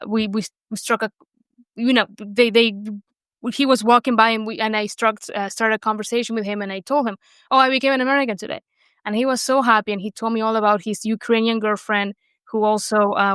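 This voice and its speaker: A woman's voice: medium pitch, a bit bright, clear, resonant tone, no echo. A young woman from Argentina with an Argentine Spanish accent, whose first language is Spanish, telling her story in an interview with lots of fillers and restarts. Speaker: guest. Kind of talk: conversational interview.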